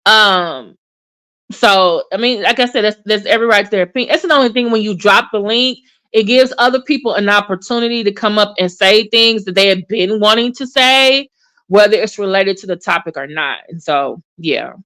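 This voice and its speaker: Bright-voiced woman in chatty commentary. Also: mid-range voice, moderate pace. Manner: animated, chatty, full of fillers and restarts; addresses viewers in chat by name. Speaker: commentary channel host. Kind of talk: casual livestream commentary.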